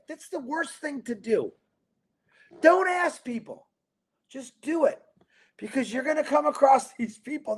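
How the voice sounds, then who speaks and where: A man with a strikingly high voice hosts a livestream, talking straight to his viewers. He rambles from story to story and preaches hard about chasing your dreams, full of energy and restarts. He grew up in Michigan. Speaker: livestream host. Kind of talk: motivational livestream talk.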